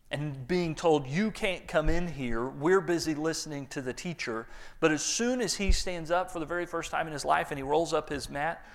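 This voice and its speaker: Pastor, male, slightly higher voice, dramatic sermon delivery with loud-to-hushed swings.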